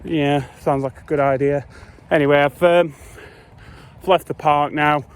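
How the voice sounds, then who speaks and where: A man's voice: a little high, steady tone, measured pace, clear, resonant tone. A man, chatting casually and hesitantly as a travel vlogger while walking through city streets. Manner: hesitant, rambling with many fillers. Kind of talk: casual vlog chat. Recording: faint street noise outdoors. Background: faint traffic and street ambience.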